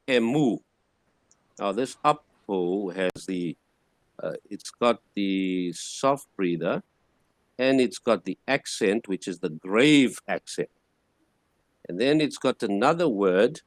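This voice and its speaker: A man teaching a language class, patiently repeating words slowly to model their pronunciation. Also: on the low side, dry recording, clean studio sound. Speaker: Greek teacher. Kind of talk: classroom lecture.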